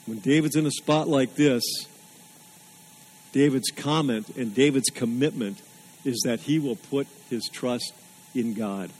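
A man's voice: medium pitch, measured pace, darkish tone, slightly rough, rough recording. A man preaching a sermon, earnest and emphatic, repeating phrases for weight. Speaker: pastor.

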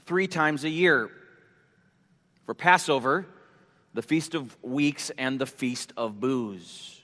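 A male pastor preaching a sermon slowly and deliberately, repeating his headings for emphasis. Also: on the high side, fairly bright tone. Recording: long hall reverb.

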